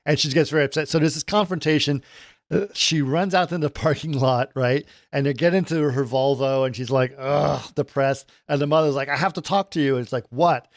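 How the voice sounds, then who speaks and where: A man's voice: on the high side, brisk, no echo, studio quality. A man co-hosting a film podcast, retelling movie scenes and checking in with his co-host. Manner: retells scenes, often tags lines with "right?". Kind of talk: casual film discussion.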